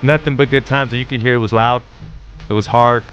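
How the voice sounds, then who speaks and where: A man recaps an event in a flat, offhand vlog voice. The clip sounds dull and lo-fi, with a faint hiss behind him. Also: mid-range voice, brisk.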